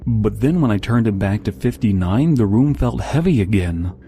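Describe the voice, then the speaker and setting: Man, mellow dark voice, animated pitch, wry review reading. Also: a little hiss or hum. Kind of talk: reading a comic hotel review.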